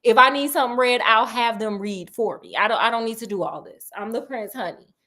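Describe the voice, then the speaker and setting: A woman's voice: fairly high pitch, brisk, bright, forceful tone. A woman voicing a spoiled, cruel boy prince who brags and calls people honey. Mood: bratty.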